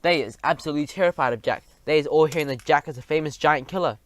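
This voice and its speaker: Man doing the gentle BFG. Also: a little high, fast, close to an everyday voice. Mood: hushed. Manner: mangled grammar, often whispering. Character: big friendly old giant, gentle and quaint.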